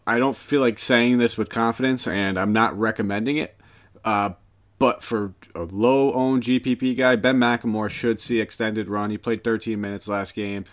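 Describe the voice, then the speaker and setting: Lowish voiced dude talking basketball picks, eager, lots of ums. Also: male voice. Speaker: podcast co-host. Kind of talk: casual sports betting chat.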